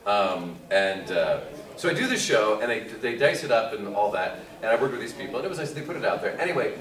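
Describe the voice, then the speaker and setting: A man's voice: lowish voice, big pitch swings, fairly quick, a bit bright, a little hiss or hum. A middle-aged man, a guest voice actor on a convention panel, telling a rambling anecdote with chuckles and restarts. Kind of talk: casual anecdote told to an audience. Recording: echoey hall, distant mic, crowd. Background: audience murmur and laughter.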